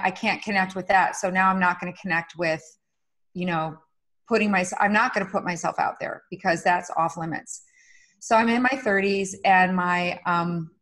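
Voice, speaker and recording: A middle-aged woman with a medium-pitched, slightly bright voice appears as a guest in a podcast interview. She speaks candidly and earnestly, in a confessional way, leaning on many fillers.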